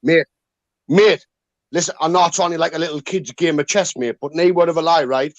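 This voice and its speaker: A man tells a story to a live online chat in a fairly high voice, earnest and full of swearing. His sound is dry and close, with no room around it. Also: brisk, no echo, muffled recording. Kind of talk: casual banter.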